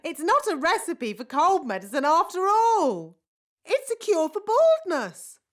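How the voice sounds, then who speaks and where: An actress voicing a bossy, scatterbrained fairy nanny in a cartoon, prim and brisk. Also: female voice, very high voice, huge pitch swings, full character voice. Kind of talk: cartoon voice acting.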